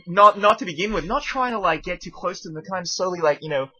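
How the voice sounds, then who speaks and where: A man telling a story in casual podcast chat, animated, jumping into other people's voices and sudden shouts. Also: high-pitched, fast talker, muffled recording, a crowd in the background. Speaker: podcast co-host.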